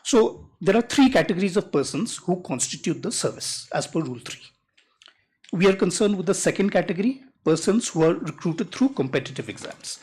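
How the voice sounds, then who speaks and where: Courtroom advocate, slightly husky tone, reads statutes slowly and precisely. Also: medium pitch, lively intonation, darkish tone. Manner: measured, deliberate, reads rules aloud slowly. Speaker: advocate arguing before a judge. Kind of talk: courtroom legal argument.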